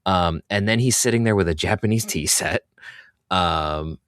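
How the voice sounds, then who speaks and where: A man's voice: low-pitched, normal speed, fairly bright tone, clear, resonant tone, dry recording, studio quality. A man co-hosting a podcast in casual chat, hesitant with many fillers but opinionated. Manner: hesitant, full of ums and likes, opinionated. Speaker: podcast co-host.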